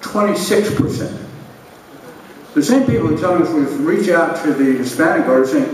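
A man's voice: mid-range voice, animated, normal speed, pauses often, darkish tone. A man giving a conference speech with a wry, joking storytelling manner, delivering a humorous anecdote. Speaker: conference speaker. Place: large conference hall. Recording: echoey hall, speaker from far off, faint noise.

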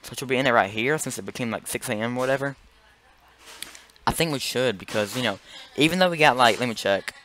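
A young man casually commenting on a horror game as he plays, jumpy and excitable, yelping when startled. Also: mid-range voice, fast talker, noisy background. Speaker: gaming channel host. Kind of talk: let's play commentary. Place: home room.

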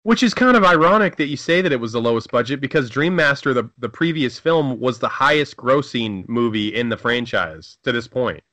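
A man riffing through a comedy movie commentary, tossing out jokes and goofy quoted voices. His voice is bright and forceful, recorded dry and close with no room sound. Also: mid-range voice, lively intonation, a little fast, hardly any pauses, no room sound. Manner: jokey, puts on silly quoted voices, laughs often. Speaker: riff commentary co-host.

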